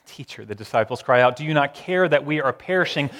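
Man preaching with hushed dramatic pauses. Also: mid-range voice, animated, in a large hall. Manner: dramatic shifts from loud to hushed, slow emphatic repetitions. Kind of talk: sermon.

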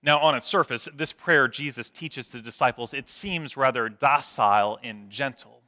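A man's voice: mid-range voice, normal speed, pushed and bright. A man preaching a sermon, telling stories with self-deprecating humor before turning to prayer. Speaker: pastor.

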